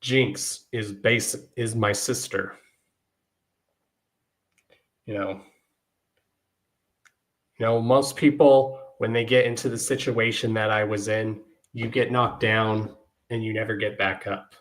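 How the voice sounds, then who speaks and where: A man's voice: lowish voice, steady tone, takes it slowly, long pauses. A man hosting his podcast, speaking earnestly and emotionally to his listeners, often repeating "y'all". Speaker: podcast host. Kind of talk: heartfelt podcast monologue.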